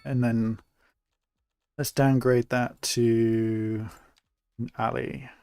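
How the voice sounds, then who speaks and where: Building a city on a live stream, a young man from England thinks out loud in an easy, conversational way, speaking extremely slowly. His mid-pitched voice is gravelly with vocal fry, and the recording is dry and close with no room sound.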